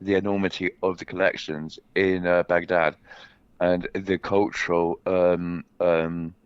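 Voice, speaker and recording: A man's voice: sits low, flat delivery, a little slow, clear, resonant tone, dry recording, muffled recording. A man calling in to a chat show, talking hesitantly with many fillers. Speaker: caller.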